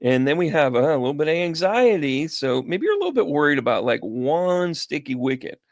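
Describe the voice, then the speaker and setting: Chatty man with a gravelly voice. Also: fairly high pitch, very animated, fairly quick, no echo, studio quality. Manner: chatty, rambling storyteller, talks to viewers by name. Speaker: psychic medium host. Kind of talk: casual livestream chat with tarot reading. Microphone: sensitive close microphone.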